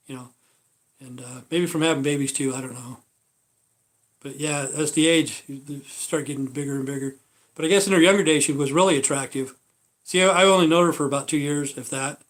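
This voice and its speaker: Rambling, swearing man on a livestream. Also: fairly high pitch. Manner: rambling and profane, many fillers. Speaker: livestream host. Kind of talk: casual livestream chat.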